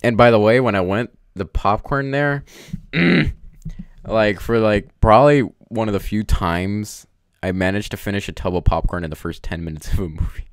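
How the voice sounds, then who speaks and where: A man's voice: lowish voice, normal speed, dry recording, studio quality. A man chatting casually on a live stream from home, rambling and filling his talk with "um" and "like". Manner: rambling, full of "um" and "like".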